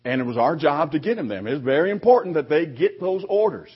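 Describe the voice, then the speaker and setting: A man preaching a sermon to his congregation, conversational, with frequent restarts and lively quoted voices. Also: on the high side, fast, breathy edge. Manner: conversational preaching with repeated restarts, animated quoting. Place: church sanctuary. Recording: dull lo-fi recording.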